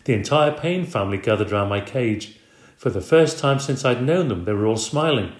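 A man narrating a children's story in an expressive, conversational audiobook reading. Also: mid-range voice, normal speed. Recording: roomy echo.

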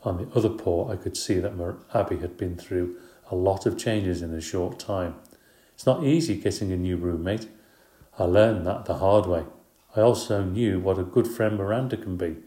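A man's voice: sits low, moderate pace, dark tone, echoey room. A man narrating a children's story in the first person, in a light, chatty, playful way. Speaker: audiobook narrator.

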